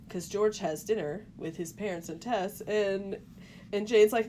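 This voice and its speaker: A woman co-hosts a casual movie podcast, walking through the plot and slipping into quick quoted lines as she goes. Her pitch sits in the middle of the usual range. A faint hiss runs under the recording. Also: warm tone. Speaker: podcast co-host.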